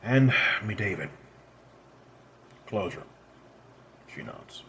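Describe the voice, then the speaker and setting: A man voicing a sly, hardened immortal woman, who talks quietly in a dry and knowing way. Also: fairly low pitch, expressive, takes it slowly, slight background noise.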